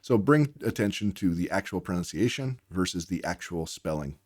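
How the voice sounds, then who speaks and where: A man's voice: low voice, lively intonation, moderate pace, darkish tone, dry recording, clean studio sound. A man working as a reading tutor, giving a patient lesson and sounding out words letter by letter. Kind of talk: instructional explainer lesson.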